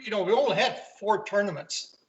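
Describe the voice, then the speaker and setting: A man's voice: high-pitched, fairly quick. An older man, a golf commentator, telling rambling anecdotes in a casual interview over a video call from home. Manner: rambling anecdotes, acts out quoted voices. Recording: roomy, dull video-call audio.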